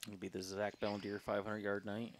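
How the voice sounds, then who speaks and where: A man calling a local baseball game play by play, relaxed and chatty with his booth partners. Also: fairly low pitch, brisk, noisy background. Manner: relaxed, chatty, prone to laughing. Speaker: play-by-play announcer. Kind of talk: casual local sports broadcast.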